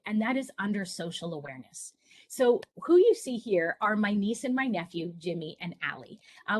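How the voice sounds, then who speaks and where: A middle-aged woman presenting to parents over a video call, telling personal stories in an earnest, encouraging way. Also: mid-range voice. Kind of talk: online presentation for families.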